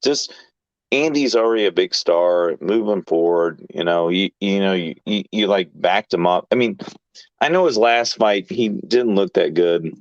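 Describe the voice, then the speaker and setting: Deep-voiced rambling man from Missouri. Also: a little slow, no echo. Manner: rambling, stammers, blunt and profane. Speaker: guest on boxing stream. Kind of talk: casual live-stream chat. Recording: dry, dull lo-fi stream audio.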